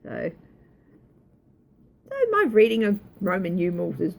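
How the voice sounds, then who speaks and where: A woman's voice: lowish voice, very animated, a little slow, vocal fry, darkish tone. A woman giving a tarot reading, thinking aloud, hesitant and correcting herself as she goes. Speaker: tarot reader.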